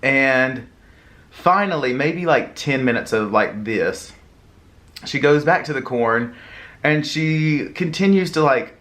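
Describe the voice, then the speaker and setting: A man's voice: mid-range voice, animated, slow pace, fairly bright tone. Man telling a rambling Southern story. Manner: rambling, many fillers and restarts. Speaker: mukbang vlogger. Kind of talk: casual storytelling.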